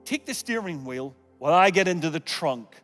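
A man preaching a sermon and leading an altar call, swinging from loud calls to hushed near-whispers, with humorous asides. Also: fairly high pitch, lively intonation, moderate pace, big-room sound, faint music behind. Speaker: guest preacher. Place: large church auditorium.

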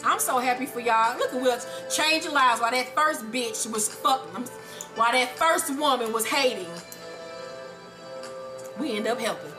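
A woman co-hosting an advice chat show, reading a viewer's letter aloud and reacting with loud, profane excitement. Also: high-pitched, moderate pace, over music. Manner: animated, profane, exclamatory.

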